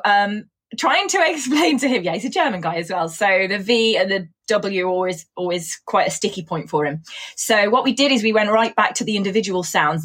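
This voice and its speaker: A woman's voice: mid-range voice, fairly bright tone, breathy edge. A woman from England with a hybrid British accent shaped by travel. She is an English teacher answering interview questions in a chatty, explanatory way.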